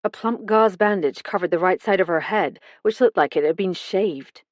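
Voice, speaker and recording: A woman narrating a first-person cozy mystery audiobook in an even, measured reading. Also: fairly low pitch, no room sound.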